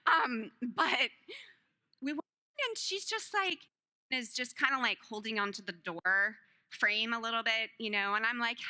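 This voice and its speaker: Woman, thirties, sermon, joking and self-deprecating, bright tone, higher pitch. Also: expressive, normal speed. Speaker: speaker at a church service. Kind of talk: sermon with personal stories.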